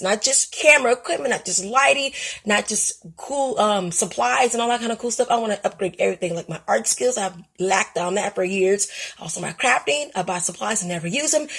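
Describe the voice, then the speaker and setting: A woman hosting her own craft channel, chatting excitedly and self-deprecatingly to viewers in a casual unboxing vlog. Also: fairly high pitch, husky. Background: people upstairs making noise.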